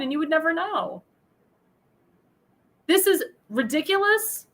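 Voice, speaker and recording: Woman, talk show host, high voice, swooping pitch, ranting political monologue, heated, insulting, angry shouting bursts. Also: poor audio.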